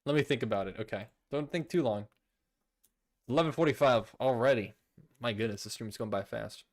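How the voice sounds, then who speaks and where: A man's voice: medium pitch, fairly quick. A young man streaming casually, reading out viewer messages with playful, laughing indignation. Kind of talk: casual livestream chat.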